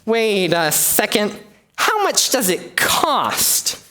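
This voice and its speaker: A man's voice: sits high, wildly swooping pitch, very slow, sharp tone, full character voice. A man playing a cocky, dim-witted outlaw who talks in rustic slang.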